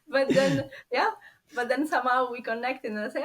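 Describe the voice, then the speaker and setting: A woman with a strong Italian accent talks casually as a podcast guest. Her pitch sits a little high, and she chats freely with frequent laughs. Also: fairly quick, slight background noise. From Italy. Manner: chatty and warm, laughs often. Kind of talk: casual interview chat.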